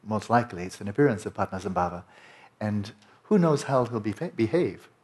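Male meditation teacher with a lowish voice, giving a loose, conversational dharma talk full of restarts. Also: a little fast, darkish tone. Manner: conversational, rambling with many restarts and "you know".

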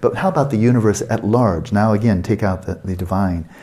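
Low, dark-voiced man lecturing. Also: fairly quick. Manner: rhetorical, questioning, emphatic. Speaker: meditation teacher. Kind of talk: spoken dharma lecture.

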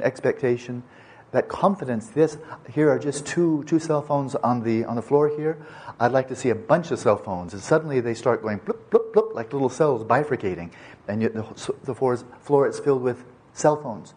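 Husky older man teaching meditation. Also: mid-range voice, a little mellow. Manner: digressive, repeats and restarts words, playful asides. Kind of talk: unscripted dharma teaching.

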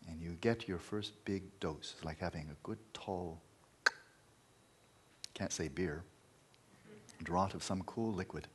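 A man's voice: deep voice, a little slow, pauses often, slight background noise. A man teaching meditation in a dharma talk, emphatic, repeating key words and at times dropping to a near-whisper.

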